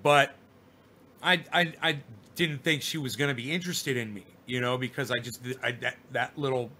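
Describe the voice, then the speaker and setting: A man's voice: medium pitch, fairly even intonation, moderate pace, sharp tone. A man rambling through a personal story in casual, profane talk, often repeating and restarting as he remembers. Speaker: vlogger telling a personal story.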